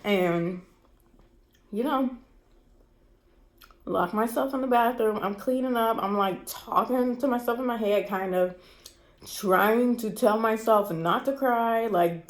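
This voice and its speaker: A woman's voice: fairly high pitch, slow, pauses often. Shaky, stressed woman in a roomy echo. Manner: candid, repetitive, swearing, emotional. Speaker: vlogger. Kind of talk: personal storytime vlog. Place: cold room indoors.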